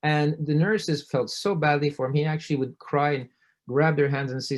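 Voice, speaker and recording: A middle-aged doctor talks an audience through real cases in a relaxed, conversational presentation. He tells each story vividly, lifting his voice when he plays the people in it. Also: moderate pace. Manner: storytelling, acts out quoted voices with rising pitch. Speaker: physician giving a public talk.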